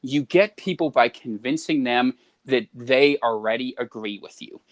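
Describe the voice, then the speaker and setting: A man's voice: medium pitch, a little slow. A man who is a podcast guest, explaining his reasoning step by step in a persuasive way. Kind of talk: podcast conversation.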